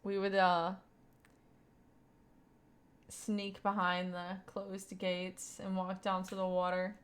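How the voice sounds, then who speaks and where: Her voice mid-range, monotone, and slow, a young woman from Kentucky with a slight Southern accent rambles through a laid-back live stream, reading viewer messages with lots of fillers and laughter.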